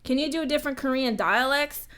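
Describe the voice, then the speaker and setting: An American woman hosting a casual live-stream Q&A, chatty and animated, jumping from loud exclamations to whispered asides. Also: high-pitched, fast, soft background music. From United States.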